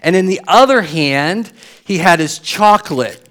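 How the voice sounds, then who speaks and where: A middle-aged American man with an American accent preaching a sermon as pastor, telling stories in an animated way and repeating words as he builds a point. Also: high-pitched, measured pace.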